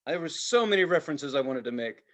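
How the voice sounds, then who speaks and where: A man co-hosting a podcast in casual chat, telling profane, animated stories and mimicking voices. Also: a little high, quick pace. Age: adult with a child. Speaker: podcast co-host.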